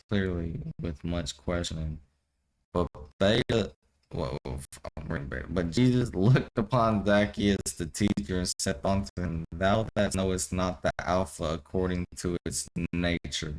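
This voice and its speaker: A young man whose voice sits low reads an old scripture haltingly, tripping over its archaic language, then riffs in loose, profane slang. The low-quality recording carries a little hiss or hum.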